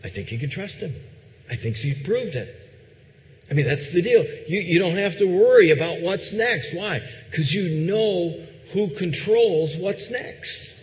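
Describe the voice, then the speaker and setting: A man preaching a sermon, asking rhetorical questions and moving between loud emphasis and quiet, intense passages. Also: a little high, expressive, unhurried, slight background noise. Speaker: pastor. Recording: dull sound with long hall reverb.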